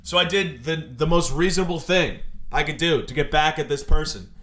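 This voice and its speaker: Young male comic host, fairly high voice, mock-indignant rant delivery. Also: moderate pace, a bit bright. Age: 20s. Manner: mock-indignant, exaggerated complaining. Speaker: comedy podcast host. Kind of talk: comedic rant monologue.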